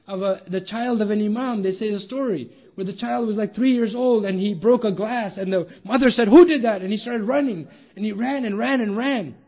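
High-voiced man preaching a sermon. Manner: emphatic, rhetorical questions, storytelling. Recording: dull lo-fi recording.

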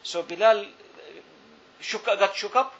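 Very high-voiced earnest male preacher. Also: unhurried, a bit bright. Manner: earnest storytelling, repeats phrases for emphasis. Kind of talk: sermon. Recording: dull lo-fi recording.

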